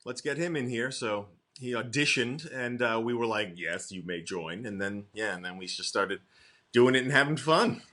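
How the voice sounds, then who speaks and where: A middle-aged male comedian from the Boston area, telling animated stories in casual chat and acting out quotes. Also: medium pitch, moderate pace. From Boston area, USA. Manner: animated anecdotes, acts out quotes, laughs often. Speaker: comedian guest.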